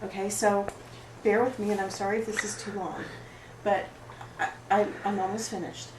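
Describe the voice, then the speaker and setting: A woman's voice: medium pitch, fairly even intonation, moderate pace, close to an everyday voice. Woman playing an oversensitive, rambling support-group member. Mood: wounded. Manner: rambling, apologetic, emotionally raw. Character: oversensitive, apologetic woman pouring out her woes. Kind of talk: improvised film monologue. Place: roomy studio space. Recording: echoey room, far mic, background noise.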